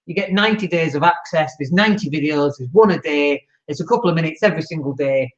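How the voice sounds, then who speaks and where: A man's voice: on the high side, fast talker. A man hosting a live-streamed show and talking casually to his viewers, chatty and loose, with fillers and small laughs. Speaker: host. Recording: echoey room, dull lo-fi sound.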